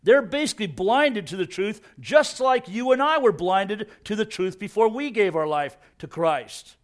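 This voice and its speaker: A middle-aged man giving a casual, energetic sermon, peppering his talk with "man" and asking "you know what?". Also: high-pitched, normal speed. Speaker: preacher.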